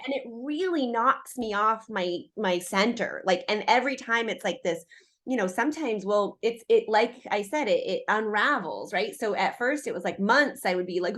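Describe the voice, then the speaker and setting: A middle-aged woman in a casual spiritual chat, telling a personal story with lively acted-out quotes over a video call. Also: on the high side, moderate pace. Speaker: podcast co-host.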